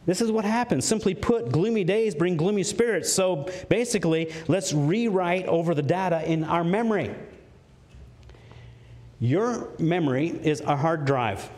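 A male pastor preaching with an emphatic, swinging delivery, his fairly high voice jumping up on questions and dropping low for weight. He drifts on and off the mic at times. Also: animated, moderate pace, a little mellow. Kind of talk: sermon.

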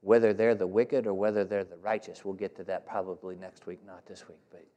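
A man's voice: sits low, flat delivery, fairly quick, dark tone, dull audio. A man preaching a sermon, emphatic and conversational, putting direct questions to his congregation. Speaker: pastor.

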